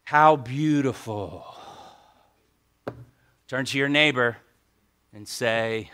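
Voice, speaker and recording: A man preaching a sermon as pastor, animated and joking with the congregation. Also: medium pitch, very slow, long pauses, smooth.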